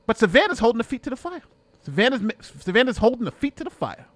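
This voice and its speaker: A man giving excitable reaction commentary, repeating himself and now and then bursting into shouts. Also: extremely high pitch, fast talker, no echo.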